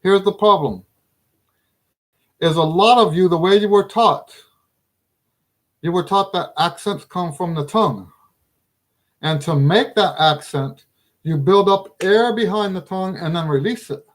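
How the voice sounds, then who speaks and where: A middle-aged man gives a relaxed trumpet lesson in a casual, talkative way. His voice sits a little above the usual male range, and he leans hard on his points, often breaking into a laugh. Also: sits high, a little slow, pauses often. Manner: chatty, emphatic, laughs often. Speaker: trumpet teacher.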